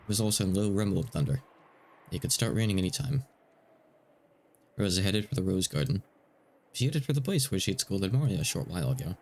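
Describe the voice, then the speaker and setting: A man's voice: low voice, sing-song, brisk, pauses often, a little mellow. A male streamer reading a visual novel aloud, with casual asides between the narration.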